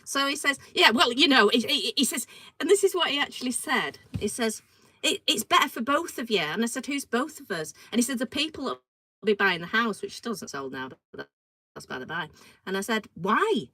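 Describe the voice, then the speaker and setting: A middle-aged woman chats as co-host, her voice bright and fairly high. She tells stories with a lot of swing in her pitch and acts out the words of the people in them. The sound is close and dry. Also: a little fast, no echo, rough recording. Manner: animated storytelling, acts out quoted dialogue. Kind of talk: casual chat.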